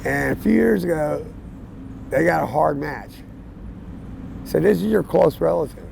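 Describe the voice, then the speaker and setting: A man of around 60 telling his life story outdoors on a city street, plain-spoken and casual, with fillers and soft chuckles. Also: a little high, lively intonation, unhurried, vocal fry, slight background noise, low-quality recording. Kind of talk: candid storytelling.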